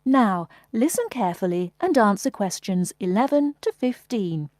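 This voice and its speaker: A woman reading formal test instructions as an exam narrator, in a measured manner. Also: medium pitch, animated, darkish tone, no echo. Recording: dry studio recording.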